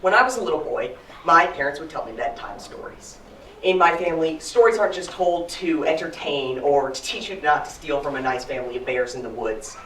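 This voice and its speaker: A man telling a story live with an animated, playful delivery and a voice that rises and falls freely. He sounds distant from the mic in a roomy hall with faint background noise. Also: a little high, normal speed.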